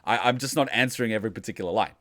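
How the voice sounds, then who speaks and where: A man's voice: fairly low pitch, racing, a bit bright, dry recording, studio quality. A young man giving casual, chatty, self-deprecating commentary while playing a game. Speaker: let's play gamer.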